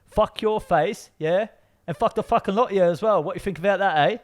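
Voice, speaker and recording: A man's voice: sits high, fairly quick, voice pushed up, lightly acted. A man voicing a menacing London gangster with a London accent, taunting and swaggering.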